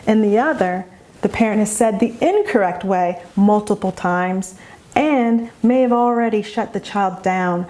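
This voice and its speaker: Brief: a woman educator in a mid-range voice, guiding parents with slow, measured explanations. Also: medium pitch. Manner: slow, calm, deliberate explanation. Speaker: educator for parents of young children. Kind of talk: instructional narration.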